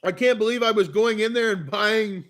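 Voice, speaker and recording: High-voiced Canadian man ranting. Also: moderate pace. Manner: profane, animated storytelling. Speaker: streamer. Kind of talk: rambling casual rant.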